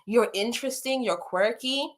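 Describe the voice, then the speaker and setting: A woman's voice: on the high side, normal speed. A young woman hosting a casual advice chat, talking in a chatty, emphatic way and repeating phrases for stress. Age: young adult. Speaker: advice host. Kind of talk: casual advice chat reading viewer messages.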